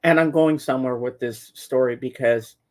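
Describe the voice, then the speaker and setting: A man's voice: medium pitch, normal speed, a little mellow. A man telling a long personal story in casual podcast chat, rambling with restarts and acting out what people said. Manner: rambling, acts out voices in quotes; frequent restarts and repeated words. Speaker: show regular.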